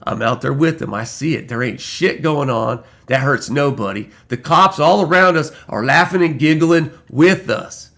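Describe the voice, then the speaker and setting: Heated vlogger man, gravelly voice, swears freely and hammers points home. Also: a little high, moderate pace, hardly any pauses, fairly bright tone. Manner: heated and profane, repeating lines for emphasis. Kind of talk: angry political rant.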